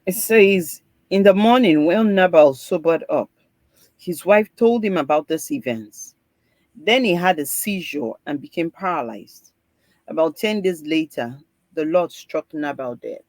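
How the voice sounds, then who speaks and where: A woman reading Bible passages aloud in a steady, measured way. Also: low-pitched, no room sound. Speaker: host reading scripture aloud.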